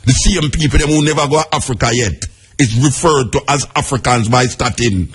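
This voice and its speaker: A man's voice: mid-range voice, brisk, husky. A Jamaican man giving an impassioned radio monologue in patois-laced speech, firing rhetorical questions at his listeners. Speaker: radio talk host. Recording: radio broadcast.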